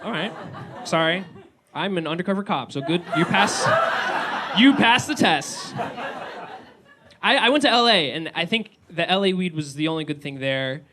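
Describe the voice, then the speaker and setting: A young man doing a stand-up comedy set, excitable and given to yelling. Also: high-pitched, normal speed, pauses often, background noise. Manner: excitable, rising to yells. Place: small comedy venue with live audience.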